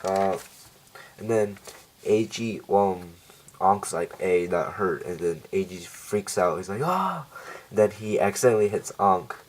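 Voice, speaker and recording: A man's voice: sits low, fairly even intonation, a little slow, darkish tone, a little hiss or hum, poor audio. A man casually recapping a TV episode, rambling with lots of fillers and self-corrections. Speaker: show reviewer.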